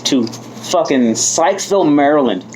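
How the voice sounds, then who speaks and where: A man's voice: a little high, lively intonation, moderate pace, darkish tone, a little hiss or hum, rough recording. A man in his thirties from the United States, giving a candid personal testimony at a recovery meeting. He mocks himself and swears freely. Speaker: speaker sharing his story at a recovery meeting.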